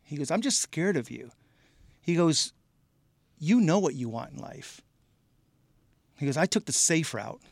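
A man who is a podcast guest tells personal stories in a heartfelt, animated way, often repeating words as he goes. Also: fairly high pitch, measured pace, creaky, pauses often, no echo. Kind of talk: casual interview storytelling.

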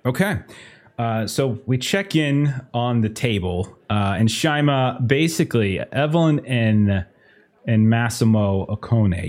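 A man's voice: medium pitch, animated, unhurried, a little mellow. A man narrating as game master of a tabletop horror game, rambling with many fillers.

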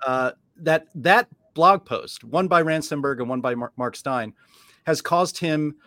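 A man hosting a talk show, chatty and amused, moving through his points at a measured pace. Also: on the high side, pushed and bright, dry recording, clean studio sound. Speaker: show host. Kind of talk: casual discussion.

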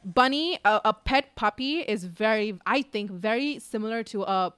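Woman in her twenties, casual podcast chat, smooth clear voice, dry close sound, filler words, swearing. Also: medium pitch, expressive, moderate pace, a bit bright, no room sound. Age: 20s. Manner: chatty, lots of fillers, swears.

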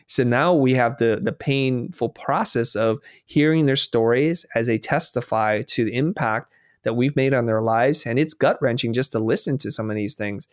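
A man's voice: mid-range voice, moderate pace, no echo, clean studio sound. A man being interviewed who talks earnestly, telling stories and quoting himself and others as he reflects. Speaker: guest.

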